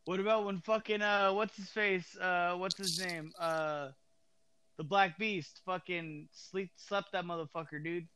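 A man in casual chat, rambling and halting, with lots of fillers and restarts. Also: high-pitched, steady tone, crowd noise.

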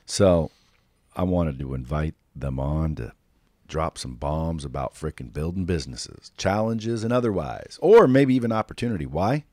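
A brash male podcast host with a very low voice, recorded close and dry in the studio. He jokes and swears freely as he banters with his guests, loose and confident. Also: expressive, moderate pace, mellow, no room sound. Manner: brash, profane, jokey. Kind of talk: casual interview banter. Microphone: studio microphone.

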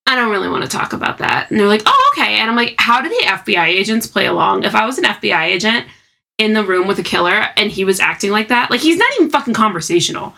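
A woman co-hosting a podcast in casual chat, animated and swearing freely. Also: medium pitch, fast talker, vocal fry. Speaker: podcast co-host.

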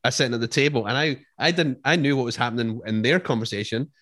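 A man hosting a casual podcast chat, telling stories in an animated way. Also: medium pitch, fast talker, dry recording, clean studio sound.

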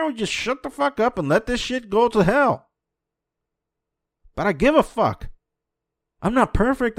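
A man's voice: high voice, no room sound, studio quality. Man ranting with heavy swearing. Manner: swings between quiet musing and raised voice. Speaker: podcast host. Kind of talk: off-the-cuff podcast rant.

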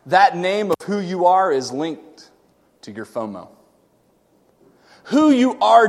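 A male preacher with a high, lively voice delivers a sermon full of sudden shouts and playful asides to his congregation. His words ring out with a long hall reverb, as if from a church sanctuary. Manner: animated, swings from loud shouting to quiet asides; joking, conversational with congregation.

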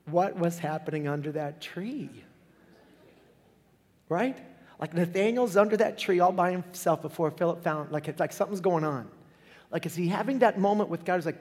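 A man's voice: high-pitched, big-room sound. A man preaching a sermon as pastor, conversational and joking as he retells the story.

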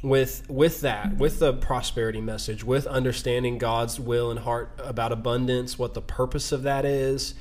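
A man's voice: mid-range voice, steady tone, normal speed, few pauses. A man hosting a casual podcast, talking in a rambling, self-deprecating way with many restarts. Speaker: podcast host. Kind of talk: casual chat.

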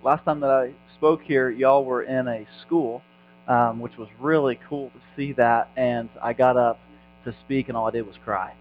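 A man's voice: mid-range voice, steady tone, moderate pace. A man from Indiana who pastors a church, speaking as a guest at a church service with self-mocking humor and lots of ums. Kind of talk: casual sermon talk. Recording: dull sound with faint mains hum.

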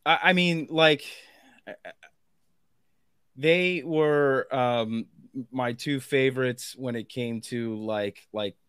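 A man's voice: mid-range voice, takes it slowly, pauses often, fairly bright tone, clear, resonant tone, no room sound, studio quality. A man talking in a casual podcast chat, rambling with lots of fillers and restarts.

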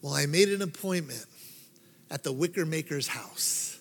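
A man doing a hushed, calm wicker woman. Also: moderate pace, slightly rough. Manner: soft, hushed, low. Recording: long hall reverb.

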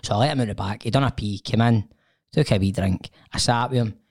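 A man's voice: lowish voice, quick pace, a little mellow. A Scottish man in his thirties, co-hosting a podcast in a studio, telling a long rambling story in casual chat with some swearing. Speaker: podcast co-host.

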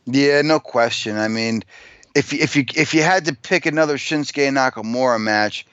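A man's voice: medium pitch, normal speed, a bit bright, clear, resonant tone, no echo. A man co-hosting a casual podcast, wry and sarcastic, giving frank opinions. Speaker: podcast co-host. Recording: dull, dry lo-fi recording.

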